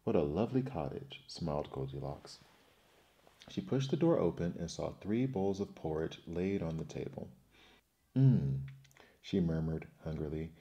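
A man reading a bedtime fairy tale in a slow, soothing, hushed ASMR style. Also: low voice, lo-fi sound. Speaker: storyteller.

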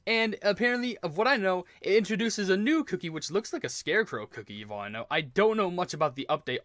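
Excitable high-voiced young man narrating gameplay. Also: no room sound, clean studio sound. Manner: gushing, excitable, stumbling over words. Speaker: gaming channel host. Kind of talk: excited let's play commentary. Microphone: earphones with mic.

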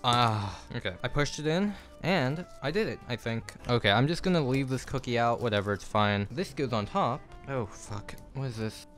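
Young male vlogger, animated swings in pitch, self-deprecating and sweary, phone audio in a home kitchen. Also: moderate pace, hardly any pauses, faint music behind. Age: young adult. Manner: flustered, self-mocking, swears often. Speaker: YouTuber. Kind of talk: casual vlog commentary while building. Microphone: phone camera.

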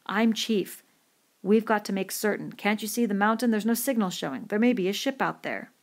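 A man's voice: high voice, moderate pace, voice pushed up. A woman reading a stubborn, urgent boy who leads the others, giving clipped, insistent commands.

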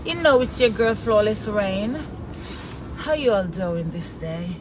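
A woman's voice: medium pitch, expressive, slow pace. Jamaican woman chatting from her car. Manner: chatty, greets viewers by name, patois phrasing. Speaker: vlogger greeting live viewers. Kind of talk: casual live-stream chat while driving. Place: inside a car in traffic. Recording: noisy car, road noise behind.

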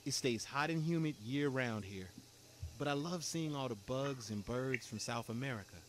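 An actor voicing a young man writing a reassuring letter home from a jungle commune, read in a calm, earnest manner. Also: mid-range voice, normal speed, background noise, natural voice. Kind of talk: game voice acting, letter read aloud.

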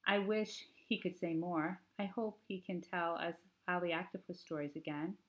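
A woman's voice: lowish voice, fairly even intonation, normal speed, lightly acted. A woman reading an audiobook, voicing a grumpy, pouting little sister. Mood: whiny. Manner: whiny, pouting. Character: grumpy little girl, the narrator's young sister.

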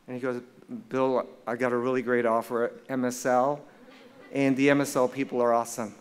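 Older man telling a lively stage story. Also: mid-range voice, brisk, smooth. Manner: acts out quoted dialogue in an animated, humorous way. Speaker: award presenter. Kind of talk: storytelling speech. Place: event stage before an audience.

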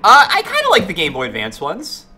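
A man's voice: high voice, wildly swooping pitch, brisk, sharp tone, slightly rough. A man chatting casually while streaming a game, greeting viewers and reacting to it. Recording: game music playing behind. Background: faint game music.

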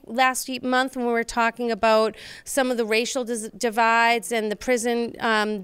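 Smooth, higher-pitched earnest woman host. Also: fairly bright tone, dry recording. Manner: earnest, rambling, with many ums and restarts. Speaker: host and local elected official. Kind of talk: studio talk show monologue.

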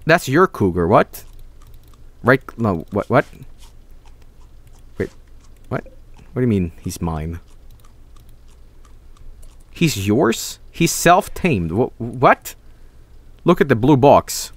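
A young man streaming a video game, excitable and swearing, often yelling at the characters on screen. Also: mid-range voice, slow, pauses often, dry recording. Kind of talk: gaming livestream commentary.

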